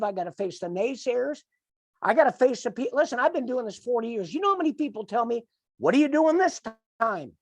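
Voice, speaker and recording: A man's voice: high voice, dry recording. A middle-aged man giving an emphatic, repetitive, fired-up motivational coaching talk to his team on a call. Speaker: team leader.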